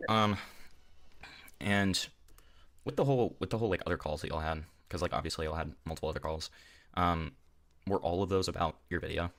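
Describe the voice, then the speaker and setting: Man, very deep voice, casual call, hesitant questions, filler words, dry. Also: a little fast, pauses often, fairly bright tone, no room sound. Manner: filler-heavy, tentative questioning. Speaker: interviewer on a call.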